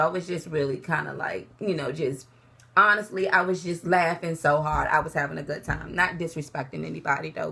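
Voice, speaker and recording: A woman telling a personal story in casual vlog style, animated and laughing often. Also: gravelly. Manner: animated storytelling, laughs often, jumps into high pitch for quoted lines. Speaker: vlogger.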